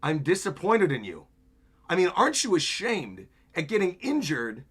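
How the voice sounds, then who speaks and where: A man reading aloud as a battered old pirate who lectures a younger fighter in a gruff, drawn-out way. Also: high voice, huge pitch swings, full character voice. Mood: stern.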